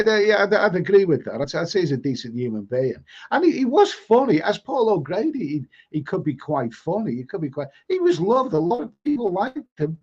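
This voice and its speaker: A middle-aged Liverpudlian hosts a live stream, chatting casually and reading viewer comments while often stammering and repeating words. His voice is fairly high, darkish, and slightly rough, heard through dull lo-fi stream audio.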